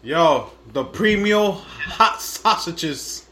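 A man's voice: fairly high pitch, lively intonation, extremely slow, pushed and bright. A man co-hosting a podcast in casual, joking chat, swearing freely. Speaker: podcast co-host.

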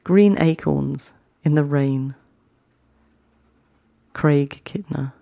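Poetry podcast host: slow, measured reader with a mellow tone and a dry, close sound, each poem read twice. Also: medium pitch, vocal fry, no room sound. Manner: reads each short poem twice with long pauses; chatty, quicker sign-off.

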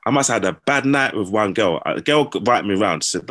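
This is a fast-talking man with a lowish voice, spinning casual stories in slang. He gets animated, acting out the quotes of the people involved.

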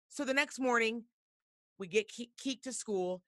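A woman hosting a talk show, telling a story in a blunt, profane and animated way. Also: fairly high pitch, moderate pace, no echo, studio quality. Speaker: podcast host. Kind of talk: casual storytelling.

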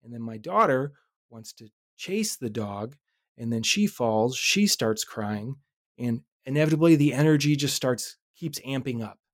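A podcast host in his thirties tells a personal story, reflective yet animated, swearing casually along the way. His mid-range voice moves at a measured pace, and the studio recording is clean with no room sound.

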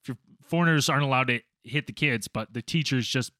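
A man telling a casual story to friends, animated and profane, acting out quotes loudly. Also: mid-range voice, quick pace, no room sound, clean studio sound. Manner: animated, acts out quotes, swears a lot. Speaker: storyteller, former teacher abroad.

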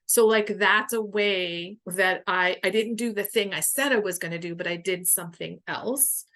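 A woman appearing as a guest, a boundaries coach, tells personal stories frankly and emotionally, swearing freely in candid conversation. Her voice is medium-pitched and a bit bright, at a normal speed.

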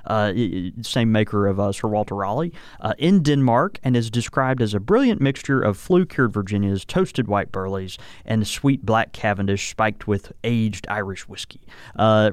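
A man's voice: medium pitch, clear, resonant tone, no room sound. A man co-hosting a podcast, chatting easily with many ums and uhs as he talks through a sponsor. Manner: relaxed, many ums and uhs, trailing restarts. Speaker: podcast co-host reading a sponsor segment. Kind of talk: casual chat.

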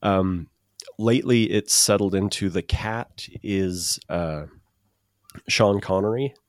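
A man's voice: deep voice, takes it slowly, no room sound, clean studio sound. A man co-hosting a podcast in casual chat, with many restarts and fillers. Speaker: podcast co-host.

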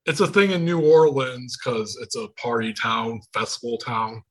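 A man's voice: mid-range voice, moderate pace. A man with a Michigan accent hosting a podcast over a video call, telling stories in casual chat, quoting people and swearing freely. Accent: Michigan, Inland Northern. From Michigan, United States. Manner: storytelling with quoted voices, swearing freely. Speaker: podcast host.

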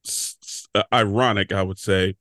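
A man hosting a podcast interview, asking halting questions with many fillers and restarts. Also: fairly low pitch, fairly even intonation, bright, forceful tone, no room sound, studio quality. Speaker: podcast host. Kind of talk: casual interview.

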